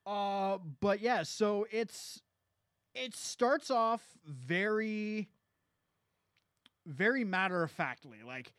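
A man's voice: high-pitched, takes it slowly, long pauses, a bit bright, clear, resonant tone, no room sound, studio quality. A young man co-hosting a casual movie podcast, laid-back and methodical as he recaps plots, swearing now and then. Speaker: podcast co-host. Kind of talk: casual movie-review chat.

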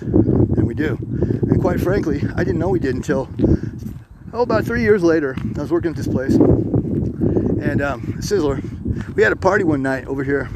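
A middle-aged man telling stories in casual, profane, animated speech as a podcast host. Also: on the high side, very noisy. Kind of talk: casual storytelling. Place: outdoors on a hilltop.

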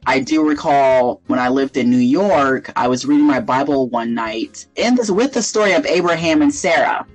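A woman co-hosting a faith podcast, telling a personal story in casual chat and acting out the dialogue with lively laughter. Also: a bass voice, normal speed, soft background music, poor audio. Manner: animated storyteller who acts out quoted dialogue and laughs often. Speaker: podcast co-host.

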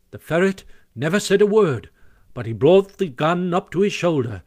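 A man reading a classic storybook aloud as narrator, expressive and animated, on a close microphone. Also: on the high side, moderate pace, no room sound. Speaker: audiobook narrator.

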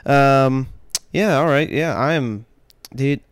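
Smooth-voiced man in casual podcast chat. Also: medium pitch, slow pace, dry recording, clean studio sound. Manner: rambling, swears a lot, laughs often. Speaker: podcast co-host.

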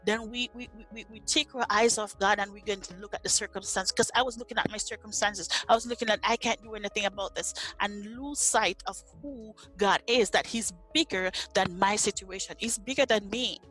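A woman's voice: mid-range voice, steady tone, fairly quick, hardly any pauses, a bit bright, faint music behind. A middle-aged woman from Jamaica, earnestly telling her faith story as an interview guest and often repeating words as she searches for them. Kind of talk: personal faith testimony in conversation.

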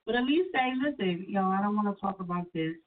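A woman's voice: expressive, fast talker. Woman radio host, sick, casual and profane, tinny phone-like sound, far from the mic. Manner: chatty, loose and profane, with sudden high-pitched quoted voices. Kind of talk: casual call-in radio talk. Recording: distant, phone-like radio audio.

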